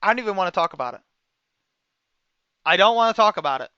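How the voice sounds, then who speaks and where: Lively, bright-voiced young man ranting. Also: high voice, quick pace, clean tone, no room sound, lo-fi sound. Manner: ranting, sarcastic, swings loud and quiet. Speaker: wrestling reviewer. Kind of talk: casual video review.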